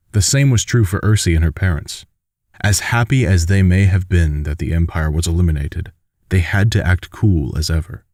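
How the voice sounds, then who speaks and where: A man narrating a fan-made audiobook in a steady, even reading style. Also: deep voice, no room sound, studio quality.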